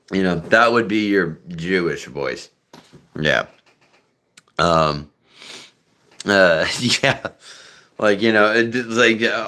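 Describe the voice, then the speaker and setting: A man's voice: low voice, expressive, takes it slowly, pauses often, sharp tone. A man hosting a live stream, chatting casually in a profane, rambling way. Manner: profane, rambling, many fillers and restarts. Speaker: livestream host.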